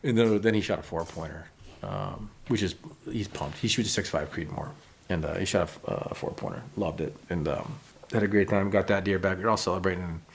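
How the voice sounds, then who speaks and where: A man in his thirties, a podcast guest telling hunting stories in a casual, animated way. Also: low voice, brisk, gravelly, slightly rough. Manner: animated, acts out quotes of others. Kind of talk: casual storytelling.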